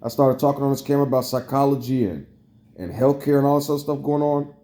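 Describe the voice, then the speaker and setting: A man's voice: medium pitch, fast talker, mellow. A young man, ranting to camera in a heated, profane, repetitive way. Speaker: vlogger. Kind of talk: angry rant to camera.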